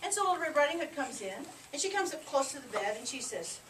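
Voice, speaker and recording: Animated high-voiced woman telling a fairy tale. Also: quick pace. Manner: animated, coaxing, prompting children to repeat lines. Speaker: storyteller leading children in a play. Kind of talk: narrating a fairy tale for children to act out. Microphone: camcorder mic from a distance. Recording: echoey room, camera far off, noisy.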